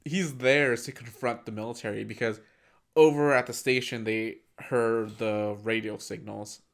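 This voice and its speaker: A man's voice: mid-range voice, steady tone, moderate pace, vocal fry. A young man co-hosting a movie podcast, casually retelling scenes and acting out bits of dialogue. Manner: retells scenes, acting out lines, filler-heavy. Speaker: podcast co-host.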